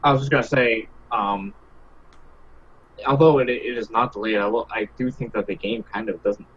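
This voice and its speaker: A man's voice: mid-range voice, steady tone, moderate pace, husky, dull audio. A man on a podcast panel who talks hesitantly and pads his speech with fillers, heard over an online call. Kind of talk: casual podcast discussion.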